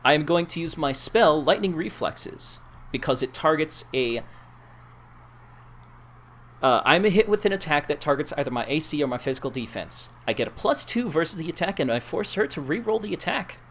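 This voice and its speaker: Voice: mid-range voice, animated, normal speed, fairly bright tone, a little hiss or hum. A player in a tabletop game who explains rules in detail and laughs easily. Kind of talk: casual tabletop game play.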